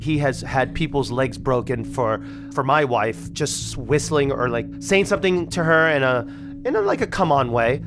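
A man in an interview, casually telling his own story in an animated, chatty way, with music playing underneath. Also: mid-range voice, normal speed. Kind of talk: casual first-person storytelling.

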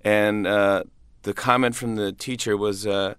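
A man's voice: lowish voice, fairly even intonation, measured pace, fairly bright tone, clear, resonant tone, no room sound, clean studio sound. A man, a comedian guest, chatting casually in an interview, laughing often and restarting his sentences.

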